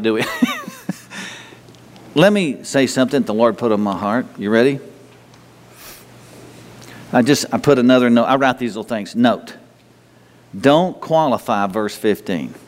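A man preaching a sermon in a folksy, conversational way, often asking the congregation questions and mimicking people in a high, mocking voice. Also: a little mellow, long reverb tail. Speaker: pastor.

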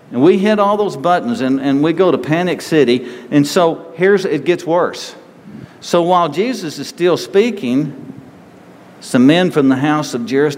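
A man's voice: mid-range voice, a little mellow. A man preaching a sermon in an earnest, conversational way, acting out pleading voices as he retells the story. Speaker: pastor. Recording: hall reverb with faint ambient noise.

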